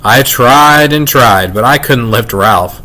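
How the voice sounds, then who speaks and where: A man reads a children's chapter book aloud, telling it in a lively, expressive way. His voice sits at an everyday middle pitch. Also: slow, low-quality recording. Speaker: reader. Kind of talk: reading a children's novel aloud.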